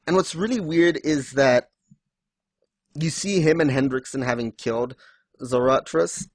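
A man in casual chat, recapping story scenes and acting out characters' lines in quick little voices, laughing often. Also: mid-range voice, no room sound. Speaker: podcast co-host discussing a manga.

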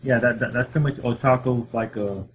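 Halting man with faint hiss behind. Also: medium pitch, steady tone, rough recording. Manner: halting, repeats words while searching. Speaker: podcast co-host. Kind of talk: casual chat about manga.

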